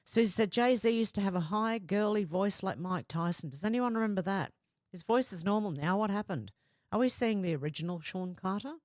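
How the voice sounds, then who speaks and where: A woman's voice: medium pitch, animated, a little fast, hardly any pauses, dry recording, clean studio sound. A woman hosting a livestream in casual chat, reading viewer comments aloud and answering them, often laughing. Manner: reads comments aloud and chats back, often breaking into laughter.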